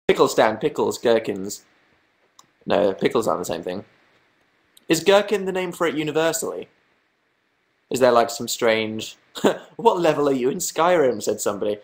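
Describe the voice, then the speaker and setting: A man's voice: medium pitch, sing-song, a little slow, creaky, pauses often. A young man chatting casually on a livestream, rambling, mocking himself and reading viewers' comments aloud. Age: young adult. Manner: rambling, self-mocking, reads chat aloud. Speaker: livestream host.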